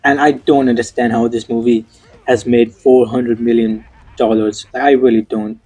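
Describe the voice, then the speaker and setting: A young man rants through a casual movie review, frustrated and swearing freely, tripping over fillers and restarts. His voice sits dark and mellow, with a husky, slightly rough edge. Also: mid-range voice, little pitch movement, normal speed, low-quality recording.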